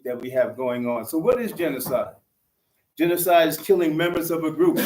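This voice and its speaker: Fiery older man, high voice. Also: darkish tone, reverberant, distant mic, low-quality recording. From United States. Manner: fiery, preacherly, addresses crowd as sisters and brothers. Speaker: conference speaker, activist. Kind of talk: impassioned conference speech.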